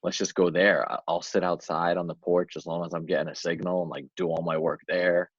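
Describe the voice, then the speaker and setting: A man with a very low, husky voice rambles through a casual podcast chat, full of restarts and fillers. The sound is dry and dull, a little lo-fi. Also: flat delivery, fairly quick, no echo. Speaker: podcast co-host.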